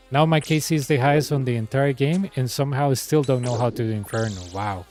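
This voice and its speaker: Spanish accent guy streaming a game, sarcastic exasperated rant, warm dark voice. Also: medium pitch, fairly quick, hardly any pauses, soft background music. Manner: sarcastic, exasperated, repeats himself. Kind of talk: ranting gameplay commentary.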